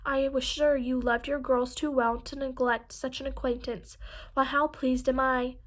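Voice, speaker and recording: A woman reading the part of a fretful, excitable middle-aged mother who fusses and complains. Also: high voice, a little slow. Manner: fussy and complaining.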